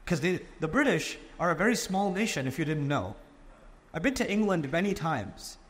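A man preaching a sermon with passionate, rhetorical repetition. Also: high voice. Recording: long hall reverb.

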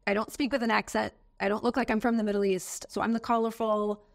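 A woman's voice: medium pitch, flat delivery, fast, vocal fry. An American woman in an interview, telling a personal story in an earnest, emotional way. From United States. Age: adult, has a daughter.

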